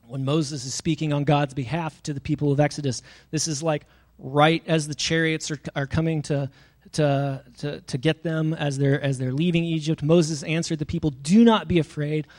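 A man's voice: a little high, little pitch movement, moderate pace, darkish tone. A young adult man preaching a sermon in a casual, conversational way, often using fillers and reading scripture passages aloud. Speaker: pastor.

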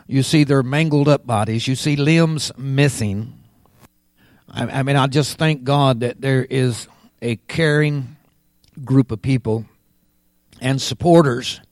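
A man preaching a sermon as pastor, unhurried and swelling louder and higher on key words. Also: no room sound.

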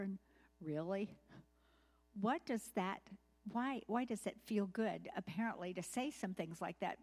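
A woman preaching a conversational sermon. She is candid and self-deprecating, asks the listeners questions, and tells stories with energy, speeding up when she quotes others. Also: mid-range voice. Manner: lively storytelling, quickening when quoting others.

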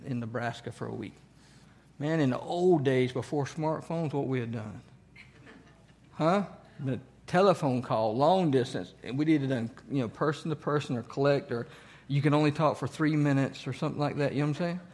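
A man's voice: medium pitch, a little mellow. A man teaching a church Bible study, asking the group questions and repeating key phrases.

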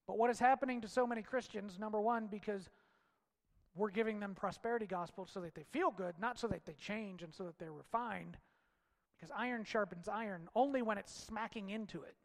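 A man preaches with a high voice and fiery conviction, rising to shouts and dropping to near-hushed lines. His words ring out with a long hall reverb around them. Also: brisk. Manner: impassioned, swings from loud shouts to hushed low lines. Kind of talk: sermon.

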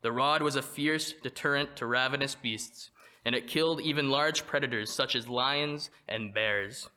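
Bright-voiced man preaching a sermon. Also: medium pitch, smooth. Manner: measured, reads from a prepared text with slowed emphasis on quoted verses. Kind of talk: read sermon.

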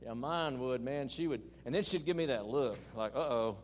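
Older male pastor, folksy and emphatic, mid-pitched voice, light hum in the background. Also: normal speed. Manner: folksy, emphatic preaching with scripture reading and asides to the congregation. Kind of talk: sermon.

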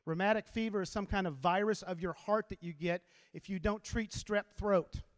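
A man with a notably high voice gives an animated, story-driven motivational talk to a crowd, drawing them in to repeat his lines. His voice rings with a long reverb from a large hall. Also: moderate pace. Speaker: teacher giving a motivational talk. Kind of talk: inspirational talk to a live audience.

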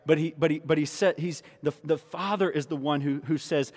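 A man's voice: a little high, fairly quick, slightly rough. Man preaching in an echoing hall. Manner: animated, emphatic preaching with restarts. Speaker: pastor. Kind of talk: sermon. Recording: long reverb of a large hall.

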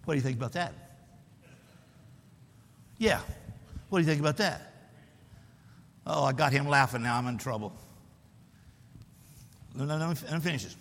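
A man preaching a sermon to his congregation, animated and teasing, with bold declarations. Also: mid-range voice, normal speed, long pauses, in a large hall.

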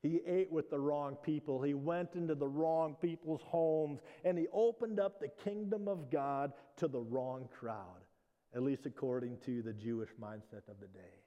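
Conversational pastor preaching in a reverberant hall. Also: male voice, fairly high pitch, moderate pace, mellow, muffled recording. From Midwestern United States. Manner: conversational, with frequent restarts and "you know". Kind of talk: sermon.

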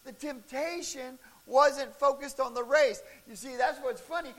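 A middle-aged male pastor telling stories in a sermon, animated and breaking into shouts and laughs at the peaks of a story. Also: very high voice, measured pace. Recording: faint hiss.

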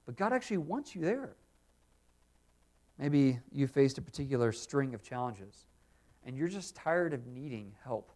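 A male pastor preaching an earnest expository sermon, dropping quiet when voicing prayers. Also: medium pitch, sing-song, unhurried, long pauses.

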